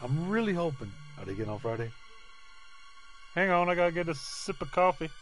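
Very animated and fairly quick, a man with a fairly high, fairly bright voice rambles through a casual live stream of his game, joking and swearing with viewers. Faint music sits behind him.

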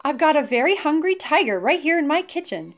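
A woman voicing a cheerful, literal-minded young housekeeper in a storybook read-aloud, bright and earnest. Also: high voice, sing-song, brisk, pitched above the performer's own voice.

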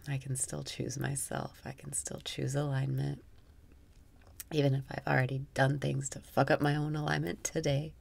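A woman guiding a meditation, speaking softly and often slipping into a whisper, with wry, self-mocking laughter. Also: a bass voice, level tone, normal speed, gravelly. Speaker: meditation guide. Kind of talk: guided meditation.

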